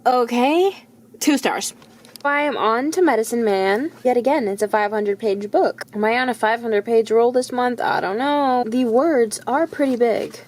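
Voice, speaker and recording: A young woman chatting candidly about her reading in a casual vlog, blunt and animated, sometimes dropping to soft asides. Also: on the high side, a little slow. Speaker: book vlogger.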